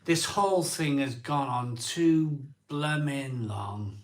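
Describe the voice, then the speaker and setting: A man in his forties hosting a live stream, talking slowly and emotionally with many ums and restarts. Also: medium pitch, lively intonation. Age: 40s. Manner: slow, halting, full of ums and restarts. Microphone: phone.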